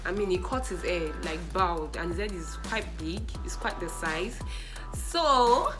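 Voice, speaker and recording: A young woman with a Nigerian accent telling funny personal stories in a casual vlog, animated and often laughing. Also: on the low side, a little slow, music in the background, poor audio. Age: young adult. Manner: animated, laughing, mixes in pidgin and Yoruba exclamations. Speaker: vlogger.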